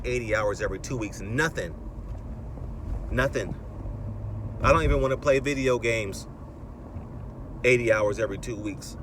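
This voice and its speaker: A man's voice: medium pitch, a bit bright. Ranting man in his thirties, driving. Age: 30s. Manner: ranting, rising into exasperated outbursts. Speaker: vlogger. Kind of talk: rambling monologue while driving. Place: in a car, driving. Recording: car road noise in background.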